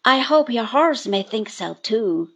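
A woman reading the part of a brisk, fond elderly aunt with crisp, emphatic lines. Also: a little high, expressive, fairly bright tone, heavily acted. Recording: dull lo-fi recording.

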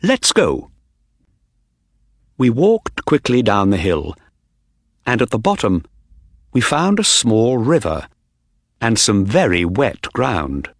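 A man narrating a story for learners in a slow, clear storytelling manner. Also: lowish voice, sing-song, no room sound, studio quality. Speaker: audiobook narrator.

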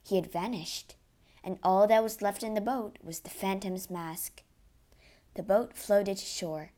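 Lady reading a kids storybook, slow and dramatic, medium pitch. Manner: expressive, dramatic narration. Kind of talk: storybook read-aloud.

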